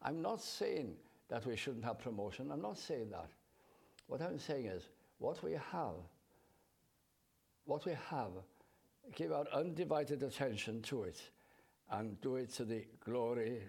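A man preaching a sermon in a slow, measured way, drawing out his scripture quotes. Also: mid-range voice, gravelly, a little mellow, slightly rough.

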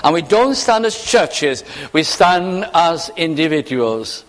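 A man preaching a sermon, slow and emphatic, often dropping to hushed, falling phrases. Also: on the high side, sing-song. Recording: long hall reverb.

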